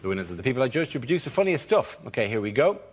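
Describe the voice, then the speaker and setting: A man's voice: medium pitch, very animated, very fast. A man hosting a comedy panel show, announcing rounds and calling on players. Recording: studio audience and noise.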